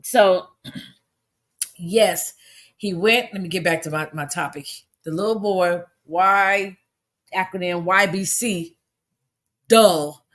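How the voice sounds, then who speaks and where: A middle-aged woman, ranting in a loose, casual commentary. She talks bluntly and indignantly, lecturing like a no-nonsense parent, and her voice shoots up high in exasperated bursts. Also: takes it slowly, pauses often. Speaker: commentary vlogger.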